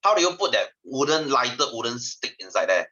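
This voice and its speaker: A Singaporean man tutors science over a video call, his voice very bright and forceful. He jumps up and down in pitch as he chats and teases his students. The audio is dull and lo-fi. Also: sing-song, brisk. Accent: Singaporean English. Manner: chatty, teasing students, sentence-final lah. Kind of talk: online class lesson.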